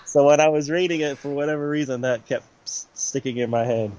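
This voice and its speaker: A man co-hosting a podcast, talking in a relaxed, rambling way with many fillers. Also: on the high side, fairly quick. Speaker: podcast co-host. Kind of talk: casual chat about comics. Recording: slightly dull lo-fi audio.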